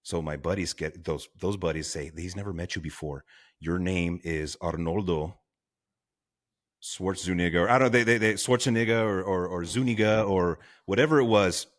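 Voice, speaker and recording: Deep-voiced man telling a lively story. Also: brisk, few pauses. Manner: animated, laughing, acts out quotes. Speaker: guest, firefighter. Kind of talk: casual storytelling in a podcast interview.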